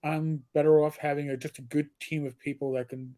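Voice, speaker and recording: Man in his fifties, higher-pitched, rambling. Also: fairly quick. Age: 50s. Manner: rambling, animated storytelling with restarts. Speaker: host. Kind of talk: casual chat on a livestream.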